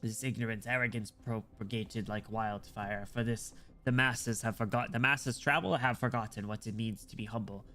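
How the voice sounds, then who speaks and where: A man's voice: on the low side, steady tone, moderate pace, few pauses, bright, forceful tone. A man reading as a ragged condemned orator. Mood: solemn. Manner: solemn, grand oratory. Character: ragged condemned man giving a prophetic speech. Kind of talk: dramatic reading of game dialogue.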